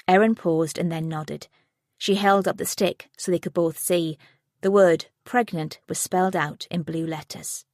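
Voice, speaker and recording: A woman narrating a thriller audiobook in a steady, even reading voice. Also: lowish voice, moderate pace, dry recording, studio quality. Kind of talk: scripted narration.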